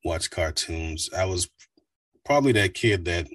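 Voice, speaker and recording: Brief: man, voice actor in a casual interview, low husky voice, laid-back storyteller. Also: unhurried, no room sound, far from the mic. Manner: relaxed, rambling storyteller with fillers. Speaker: voice actor guest.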